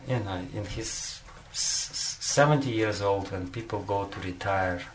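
A man's voice: on the low side, unhurried, slight background noise. A man giving a devotional talk as a spiritual teacher, telling a story and often chuckling between phrases, with frequent "you know" fillers.

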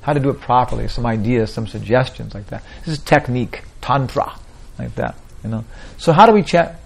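Gravelly man giving a rambling spiritual talk. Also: medium pitch, lively intonation, a little fast. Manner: rambling, repeats "like that, you know". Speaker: spiritual teacher. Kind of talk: informal spiritual talk to a group.

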